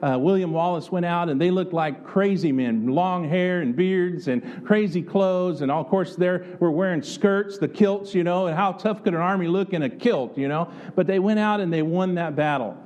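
Male preacher from the United States; earnest, conversational sermon, warm low-edged tone, slightly high pitch. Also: normal speed, hardly any pauses, lo-fi sound. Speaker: pastor.

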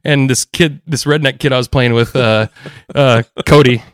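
A man, a golf caddie, telling stories in an animated, laughing, casual chat. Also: mid-range voice, smooth, dry recording, studio quality. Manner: animated, quick, laughing storyteller.

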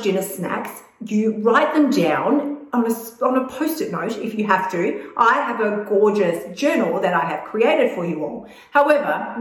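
A woman coaching viewers on weight loss in blunt, emphatic, casual talk that swears freely. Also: fairly high pitch. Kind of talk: casual direct-to-camera advice. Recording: echoey room.

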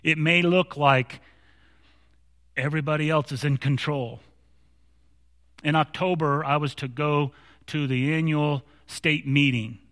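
A man's voice: a little high, steady tone, a little slow, long pauses, a bit bright, big-room sound. A man preaching a sermon as pastor, telling stories with mounting animation and frequent restarts. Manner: storytelling with growing animation, many restarts.

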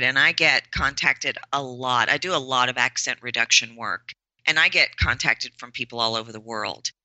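A woman's voice: very deep voice, sharp tone, no room sound, poor audio. A woman voice coach answering podcast interview questions, emphatic and repeating words for stress. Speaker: voice and presentation coach.

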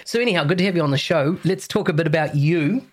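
A man with a New Zealand accent hosting a podcast interview, chatting in a relaxed, rambling way. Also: on the high side, fast, slightly rough. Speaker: podcast host. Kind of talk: casual interview chat.

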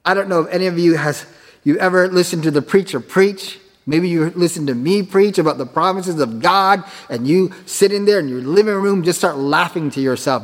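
A man's voice: on the high side, moderate pace, fairly bright tone. A man preaching a sermon as pastor, emphatic, with rhetorical questions. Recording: echoey hall with long reverb.

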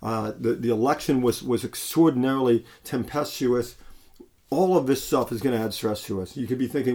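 A man's voice: mid-range voice, brisk, mellow. A man preaching a sermon in a conversational way, with frequent restarts and fillers.

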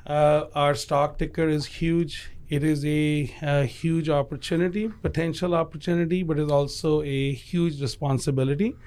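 A middle-aged man from Pakistan, a company chief being interviewed in a studio, speaking in a measured, halting way with many fillers. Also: a little high, steady tone, a little mellow, clean tone. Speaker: pharmaceutical company CEO guest.

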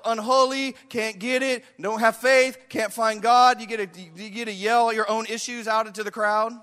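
Male preacher, very high voice, bright tone, dramatic, acts out voices, echoing hall. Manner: dramatic, acts out voices of Bible figures and the listeners. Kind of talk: sermon. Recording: echoey hall.

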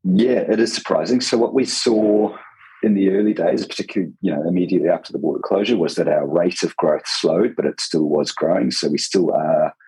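A man with a croaky, hoarse voice answering interview questions hesitantly, repeating words as he goes. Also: low-pitched, fairly quick, dark tone, rough recording. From New Zealand. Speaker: veterinary council lawyer guest.

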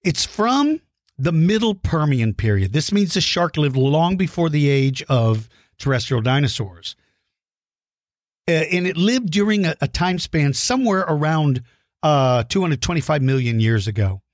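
A man's voice: fairly high pitch, expressive, unhurried, no echo, clean studio sound. Friendly man explaining dinosaurs dryly. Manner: friendly, explanatory, repeats words while thinking. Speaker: podcast host. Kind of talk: educational talk for kids.

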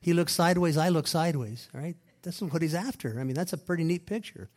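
A pastor with a slightly high voice delivers a sermon at a quick, animated clip. He reads scripture aloud and unpacks it using emphatic repeated phrases, punctuated by loud stresses and quiet asides.

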